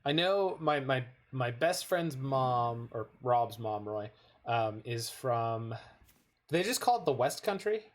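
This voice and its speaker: A card-game streamer from North America speaks slowly with lively intonation in a medium-pitched voice. He chats easily with his audience, digressing into long, rambling stories as he plays.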